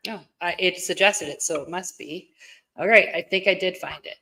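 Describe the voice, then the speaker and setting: A woman's voice: fairly low pitch, normal speed, pushed and bright. A Canadian woman co-hosting a live stream, chatting casually, blunt and profane. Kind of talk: casual chat.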